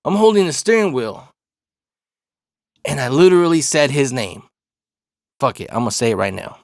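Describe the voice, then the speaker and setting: A man from Arizona casually telling a personal story, profane and slang-heavy, with animated retelling. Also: mid-range voice, moderate pace, no echo, studio quality. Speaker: storyteller host.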